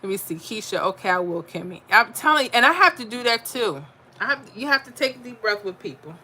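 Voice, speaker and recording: Woman, crisp bright voice, casual livestream chat, reads comments and answers them. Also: mid-range voice, sing-song, fast. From Florida. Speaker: livestream host reading chat.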